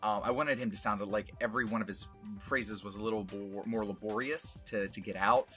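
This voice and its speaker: A voice actor rambles casually about his craft, laughing at himself and using lots of filler words. His voice is lowish, steady, fairly quick and a little bright, with faint music behind him.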